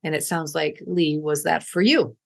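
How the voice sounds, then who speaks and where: Podcast host, mid pitch, attentive, brief affirming murmurs, thoughtful follow-up questions. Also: moderate pace, creaky. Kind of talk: interview.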